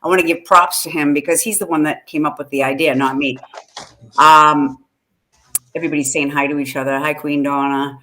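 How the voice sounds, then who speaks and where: A woman's voice: deep voice, fairly even intonation, fairly quick, sharp tone. A woman co-hosting a casual live-stream chat, chatty and laughing, greeting viewers by name. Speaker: podcast co-host.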